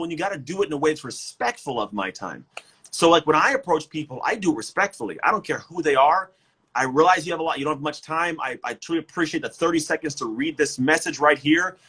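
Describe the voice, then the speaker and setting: A man who is a motivational speaker and coach, talking in an energetic, emphatic way and often repeating words. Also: a little high, slightly rough, poor audio. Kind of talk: casual motivational talk. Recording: livestream guest.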